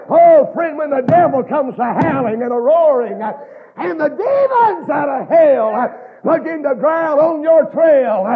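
A man preaching a fiery revival sermon, chanting and rising into shouted cries. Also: very high voice, gravelly. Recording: tinny phone-like lo-fi recording.

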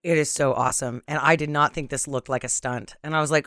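A woman's voice: sits low, steady tone, quick pace, a bit bright, dry recording, clean studio sound. A woman co-hosting a podcast, chiming into a movie recap in casual chat with an earnest, wry manner. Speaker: podcast co-host.

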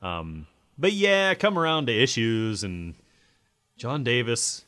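A man's voice: mid-range voice, very animated, slow pace, fairly bright tone, clear, resonant tone. A man co-hosting a podcast, giving opinionated takes with lots of "you know" and acted-out asides. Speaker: podcast co-host. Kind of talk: casual music review chat.

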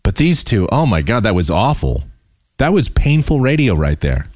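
A low-pitched American man hosting his own show, ranting with scorn. His pitch swings widely as he mocks what he hears. The sound is dry and close, with no room around him. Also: unhurried, no room sound. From United States. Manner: scornful, animated, mocks voices he dislikes. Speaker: podcast host and broadcaster. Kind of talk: ranting commentary.

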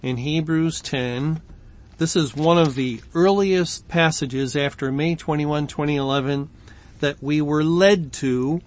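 A man leading an evening Bible study, talking slowly and deliberately. His voice sits a little high for a man. He pauses often and fills gaps with ums. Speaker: Bible teacher.

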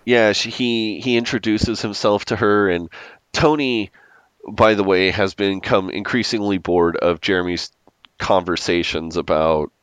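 Brief: male podcast co-host, deep and smooth, excitable and rambling. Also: a little slow, dry recording. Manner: enthusiastic, rambling with restarts. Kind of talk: casual chat recapping a TV episode.

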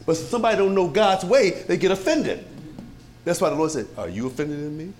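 A pastor preaching to his congregation in a lively, conversational way, with many rhetorical questions and frequent chuckles. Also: fairly high pitch, a little fast. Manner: chuckles often. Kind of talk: sermon.

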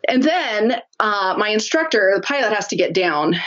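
A woman's voice: medium pitch, moderate pace, dull audio. Laughing woman telling a story. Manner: lively, laughs often while telling. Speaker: guest. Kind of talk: casual storytelling interview.

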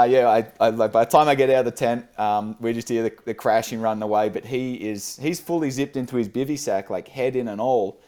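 A man's voice: mid-range voice, a little fast, hardly any pauses, a little mellow. A man, a guest on the show, telling a casual story with fillers and frequent laughs. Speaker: podcast guest.

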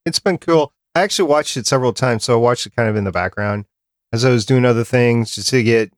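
A man hosting a podcast in casual chat, relaxed and making joking asides. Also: fairly low pitch, dry recording, studio quality. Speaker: podcast host.

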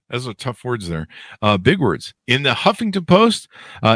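A man's voice: mid-range voice, a bit bright, no room sound. A man hosting a podcast, rambling and self-mocking while introducing a guest into a close studio mic. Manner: joking, self-mocking, meandering. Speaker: podcast host.

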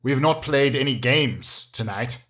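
A man's voice: mid-range voice, unhurried, a bit bright. A man hosting a comedy podcast, talking in a rambling, mock-formal way. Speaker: podcast host. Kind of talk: casual comedy chat.

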